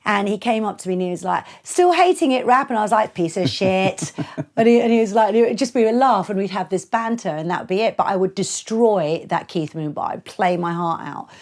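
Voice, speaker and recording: A middle-aged woman speaks bluntly and with lots of energy, telling stories in an interview. Her voice sits at a middle pitch, and she laughs as she acts out what others said. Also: brisk. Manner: blunt, animated, acts out quotes, laughs often. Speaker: DJ and producer, interview guest. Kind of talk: candid storytelling in a podcast interview.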